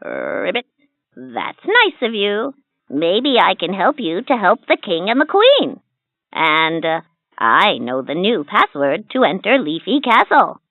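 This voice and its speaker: A woman voicing a friendly, sly magical wishing frog in a toy's story, croaking between lines. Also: mid-range voice, wildly swooping pitch, dry recording, full character voice. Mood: playful. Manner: slow, teasing, storybook delivery. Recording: tinny lo-fi toy speaker.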